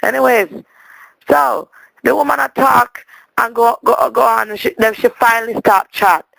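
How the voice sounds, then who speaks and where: A man's voice: very high voice, steady tone, normal speed, creaky, sharp tone, dry recording, full character voice, low-quality recording. A man voicing a chatty, indignant Jamaican woman leaving a voicemail, rambling and stammering as she complains. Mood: exasperated. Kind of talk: comic monologue as a voicemail.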